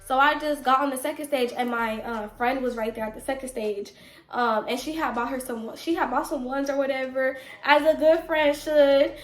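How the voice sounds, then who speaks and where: High-voiced chatty young woman, echoey room. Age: 20s. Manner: chatty, animated, talks straight to viewers. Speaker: vlogger. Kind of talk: casual storytime vlog.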